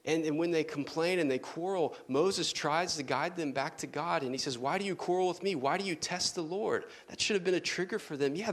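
A man preaching a sermon in an earnest manner, dropping to soft, low tones for emphasis.

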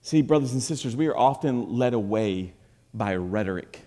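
A man preaching a sermon, moving between loud, emphatic passages and quiet, low asides. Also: animated, moderate pace, big-room sound. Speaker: pastor. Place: church sanctuary.

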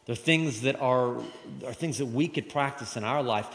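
A man preaching a sermon to a congregation, lively, calling them to repeat lines after him. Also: medium pitch, normal speed. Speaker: pastor. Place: church hall with congregation. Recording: long reverb of a large hall.

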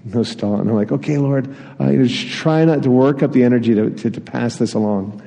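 A man's voice: medium pitch, fast talker, gravelly, mellow. Man preaching with a laughing, storytelling manner. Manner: storytelling, self-deprecating, chuckles often. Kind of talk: sermon. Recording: long hall reverb.

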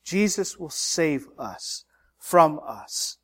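A man with a fairly high voice preaches a Sunday sermon. He is a middle-aged pastor who builds emphasis and doubles back on his words as he drives a point home. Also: very animated, very slow, a bit bright, husky.

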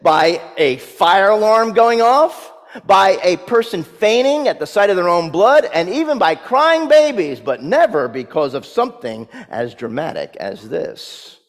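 Lively high-voiced preacher in echoing hall. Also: male voice, unhurried. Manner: vivid dramatic storytelling with humor. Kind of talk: sermon.

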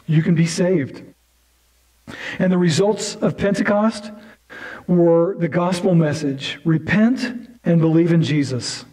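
Man preaching a sermon, conversational, fairly high voice, mellow dark tone. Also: rough recording. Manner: conversational preaching with asides and restarts. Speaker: pastor.

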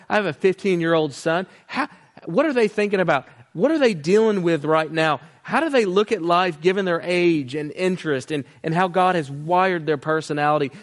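A man in his thirties preaching a sermon in an earnest, storytelling way. His voice is a touch higher than most men's. He often stops and restarts his sentences. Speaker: pastor.

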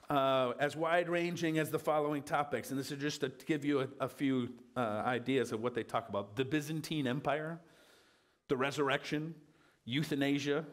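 Conversational man preaching a sermon. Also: on the high side. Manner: conversational, with frequent fillers and restarts.

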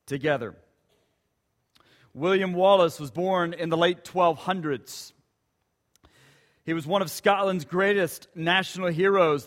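A man's voice: high voice, a bit bright. A male pastor preaching a sermon, telling stories with emphatic repetition. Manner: emphatic storytelling with dramatic repetition.

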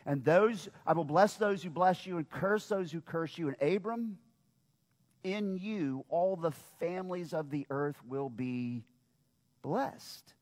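A man's voice: fairly high pitch, takes it slowly, a little mellow, big-room sound. A man preaching a sermon, who calls out questions to his congregation and draws them in. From United States. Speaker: pastor.

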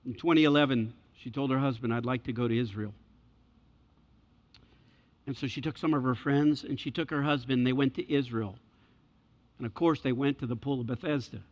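A man preaching a sermon and telling a story, swinging between loud passages and hushed ones. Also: medium pitch, brisk. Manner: dramatic shifts between loud and hushed delivery. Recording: echoey hall, dull lo-fi sound.

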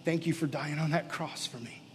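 A man preaching a sermon live to a gathering, moving into an altar call and prayer, earnest and pleading, often dropping to soft, intimate tones. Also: on the high side, moderate pace, slight background noise. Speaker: pastor. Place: church or youth gathering, live.

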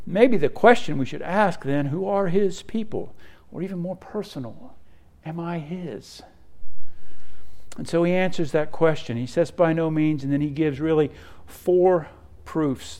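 A male pastor preaching a sermon, emphatic, often checking in with "right?" as he explains. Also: on the high side.

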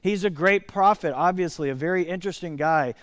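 A man from Indiana preaching a sermon as pastor, emphatic and slowing down to stress key words. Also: high-pitched, no room sound, clean studio sound.

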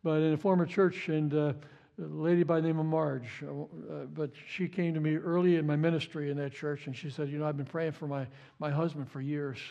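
A man's voice: a little high, little pitch movement, fairly quick, creaky, dark tone, dull audio. A male pastor preaching a sermon with passion, often repeating words and stumbling over restarts.

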